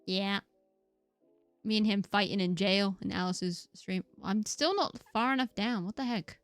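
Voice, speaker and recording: A woman streaming a game, chatting casually, giggly and rambling, with lots of upward inflections and a slightly croaky voice. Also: mid-range voice, unhurried, no echo, soft background music. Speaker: VTuber streamer. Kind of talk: casual live-stream chat while gaming.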